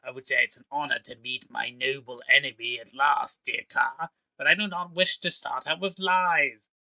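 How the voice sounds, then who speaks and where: Icy sneering villain guy, man putting him on, bright edgy tone, dry sound. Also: mid-range voice, fairly even intonation, normal speed, vocal fry, dry recording. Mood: cold taunting. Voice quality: sneering, taunting. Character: cold menacing male villain speaking through a severed head.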